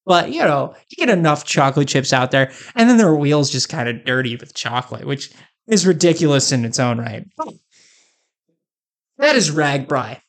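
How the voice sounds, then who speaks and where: A man's voice: fairly high pitch, big pitch swings, normal speed. A man doing a rambling comic monologue, joking and sarcastic. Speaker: comedic host.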